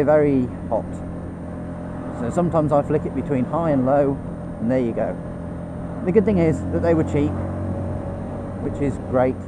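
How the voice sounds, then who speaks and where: A man riding a motorcycle and chatting to the viewer in a rambling commentary, correcting himself as he goes, through a helmet mic. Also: medium pitch. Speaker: motorcycle vlogger. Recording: loud wind and road noise.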